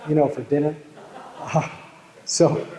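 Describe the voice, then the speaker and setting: This speaker's fairly high voice is warm, even in pitch and measured in pace. He's from Boston and gives a live motivational talk on sales, full of jokes, stories and remarks aimed at the crowd, with the big hall's reverb ringing long.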